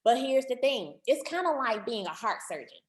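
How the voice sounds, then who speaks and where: A woman marriage counselor gives an online workshop talk, animated and repeating words for emphasis as she calls her listeners family. Her voice is fairly high at a normal speed, and the sound is roomy.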